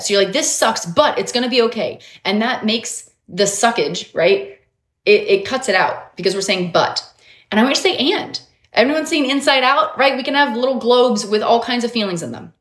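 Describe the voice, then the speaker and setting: Animated woman coaching live, roomy sound. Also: mid-range voice. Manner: animated, emphatic, talks to viewers directly. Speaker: mindset coach and livestream host. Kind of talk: motivational livestream talk. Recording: roomy echo.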